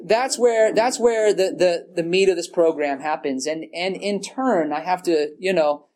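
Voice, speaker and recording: A man's voice: high voice, unhurried, a little mellow. A man sharing his story at a recovery meeting in a rambling, casual way, full of fillers and swearing, often laughing at himself. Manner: rambling and casual, heavy on "like" and "you know", swears freely; self-mocking, laughs at himself. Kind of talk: personal share at a recovery meeting. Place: meeting room in front of a group.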